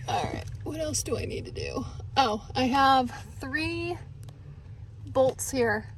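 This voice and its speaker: A woman's voice: high-pitched, animated, slow pace, a little hiss or hum. A woman talking viewers through a repair in her pickup truck in a casual how-to vlog, chatty and emotional. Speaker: DIY vlogger.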